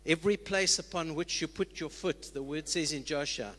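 A man's voice: a little high, normal speed, fairly bright tone. A man, a church leader, exhorting the congregation earnestly with call-and-response lines. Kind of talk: sermon. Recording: long reverb of a church hall.

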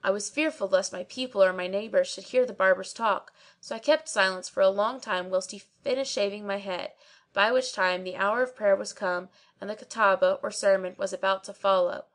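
A woman reading a classic tale aloud as an audiobook narrator. Her delivery is measured and steady, with a mid-range pitch, carrying archaic phrasing at an even storytelling pace. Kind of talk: scripted narration.

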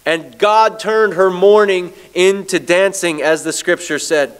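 A man pastor preaching a sermon, telling stories and slowing down to read scripture. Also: sits high, clear, resonant tone. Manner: storytelling preacher, slows down on scripture.

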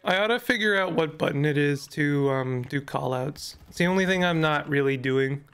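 A young man chats loosely over his gameplay, full of fillers and false starts. His voice sits a little high and has a gravelly, fry-heavy edge, worn down as if he is losing it. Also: moderate pace, fairly bright tone. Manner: rambling, many fillers and restarts. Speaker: gaming YouTuber. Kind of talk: casual gameplay commentary.

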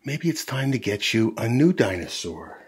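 A man voicing a jolly, fatherly pig dad in a storybook reading, with hearty, lively exclamations. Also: mid-range voice, normal speed, a little hiss or hum, natural voice.

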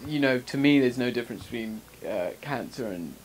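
A young man with a British accent talks loosely and cheerfully in a casual interview. His voice sits at an ordinary middle pitch, and he wanders through his points with a self-deprecating touch. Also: expressive, brisk, slight background noise. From Britain. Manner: rambling, self-deprecating, chatty. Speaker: actor being interviewed.

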